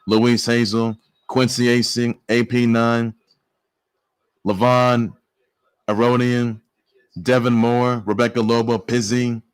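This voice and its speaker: Excitable stammering man hosting sports news. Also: medium pitch, clear, resonant tone, no room sound. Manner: excitable, stammering with many restarts and exclamations. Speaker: sports show host. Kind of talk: casual sports news commentary.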